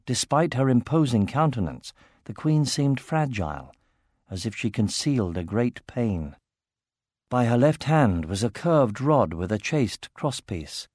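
A man narrating a fantasy novel in a steady, measured reading voice. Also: mid-range voice, dry recording, studio quality.

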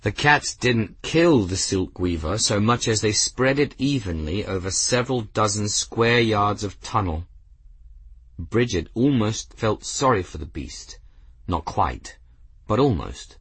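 Deep, husky male audiobook narrator. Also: a little slow, fairly bright tone, no echo. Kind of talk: scripted narration.

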